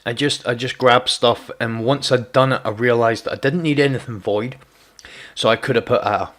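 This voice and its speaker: A man's voice: mid-range voice, fairly even intonation, moderate pace, a bit bright. A man chatting casually while streaming a game, teasing viewers and stumbling over repeated words. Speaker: gaming streamer. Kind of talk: casual live gameplay chat.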